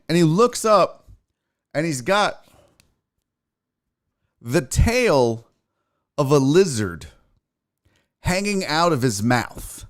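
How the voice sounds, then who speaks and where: Animated, chatty male show host. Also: slow pace, pauses often. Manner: animated storytelling, acts out cat and himself in high voices. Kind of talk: casual rambling monologue.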